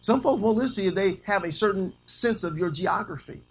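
A man's voice: high voice, brisk, creaky, breathy edge. A man from Illinois, a pastor preaching a sermon with scripture quotes and calls of amen, teasing his congregation now and then. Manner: preaching with call-and-response amens, quoting scripture.

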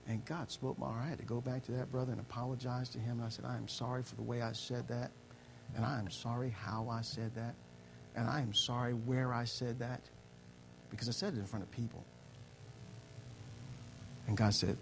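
A pastor preaching a sermon, repeating phrases and building from quiet storytelling to loud exhortation. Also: male voice, medium pitch, steady tone, normal speed, vocal fry, pauses often, background noise.

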